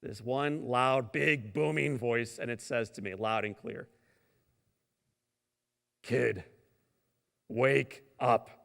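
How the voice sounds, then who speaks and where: In a large hall, a gravelly-voiced, middle-aged keynote speaker from St. Louis, Missouri, gives a motivational address, each phrase followed by long reverb. Speaking a little slowly with hardly any pauses, he tells his story dramatically, moving between booming lines and hushed whispers.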